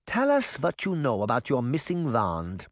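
A man's voice: medium pitch, wildly swooping pitch, moderate pace, dry recording, studio quality. A man voicing a brave, polite old grandmother in a storybook reading. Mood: patient.

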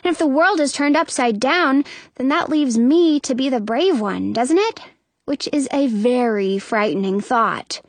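A woman narrates a children's story in first person, expressive and taking on the voice of a young girl. Her voice is high and her pace unhurried. The recording is close and dry. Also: no room sound. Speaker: audiobook narrator.

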